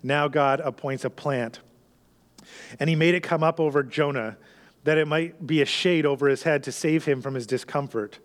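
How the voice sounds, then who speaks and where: Earnest preaching man in a reverberant hall. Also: a little high. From Canada. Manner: earnest, conversational preaching with rising emphasis. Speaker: pastor. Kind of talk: sermon.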